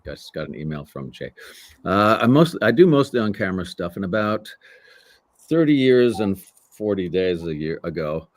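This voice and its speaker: Speaking at a normal pace on a dry recording, a deep-voiced voice actor in his sixties guests on a casual interview. He's an animated storyteller who performs the voices of the characters in his tales.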